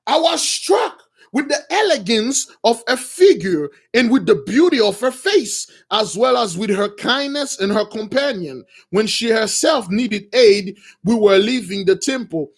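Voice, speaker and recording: A preacher with a high, lively, slightly rough voice speaks unhurriedly. In his sermon he reads a passage aloud and retells it in his own words, calling his listeners brothers, with restarts, repetitions and informal asides.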